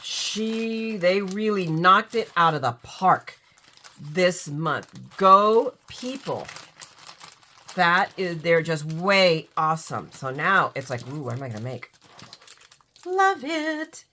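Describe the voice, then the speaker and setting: A woman's voice: on the low side, lively intonation, slow pace, bright, forceful tone. A woman hosting a casual craft unboxing, gushing and exclamatory, with a stuffy runny nose. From United States. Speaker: craft channel host.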